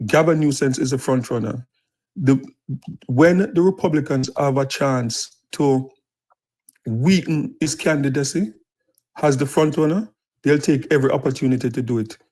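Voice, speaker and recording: A man's voice: mid-range voice, normal speed, a little mellow, poor audio. Jamaican man on a news panel, earnest, mid voice. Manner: earnest, explains and restates his point. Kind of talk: live podcast panel discussion.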